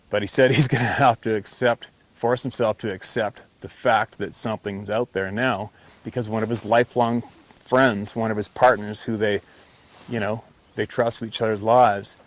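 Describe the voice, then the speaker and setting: A man hosting a hunting channel, telling a story in a casual, earnest, emphatic monologue full of restarts. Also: fairly low pitch.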